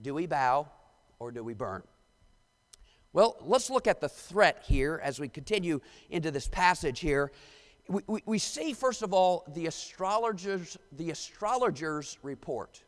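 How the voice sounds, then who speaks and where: A man's voice: a little high, very animated, measured pace. A man preaching a sermon as pastor, reading scripture with dramatic emphasis, in a church sanctuary. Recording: long church reverb.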